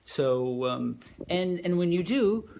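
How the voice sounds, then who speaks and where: A man's voice: high voice, animated, slow pace, vocal fry, darkish tone, slight background noise. A man co-hosting a podcast, talking reflectively about relationships and often restarting his sentences. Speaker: podcast co-host. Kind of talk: conversational relationship advice.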